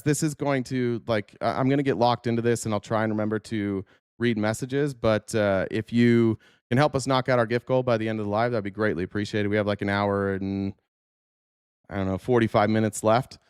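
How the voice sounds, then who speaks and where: A man's voice: on the low side, steady tone, a little fast, smooth, dry recording, studio quality. A man hosting a political livestream, ranting heatedly with profanity and restarts while reacting to clips and chat. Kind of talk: casual livestream commentary.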